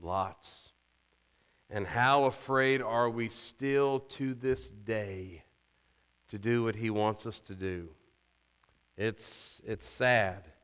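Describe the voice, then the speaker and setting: Bright, clear-voiced male preacher. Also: slow. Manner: animated, rising loud and high when quoting scripture; conversational asides, rhetorical questions. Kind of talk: sermon.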